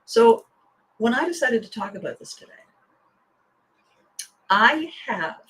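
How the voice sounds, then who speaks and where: In a rough recording, a life coach who hosts her own podcast speaks slowly in a voice on the high side, pausing often. Her motivational monologue is animated, with quoted people acted out in their own voices and occasional chuckles.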